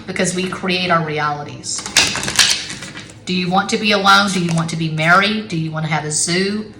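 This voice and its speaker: Rambling, blunt, bright-voiced woman reading tarot. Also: fairly low pitch. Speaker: tarot reader. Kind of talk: casual tarot reading monologue. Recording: echoey room with faint background noise.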